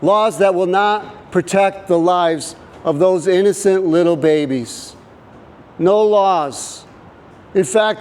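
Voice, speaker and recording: A man preaching in the open air to passers-by in a loud, insistent, declaiming way. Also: high voice, rough recording. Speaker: street activist. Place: outdoors by a government building.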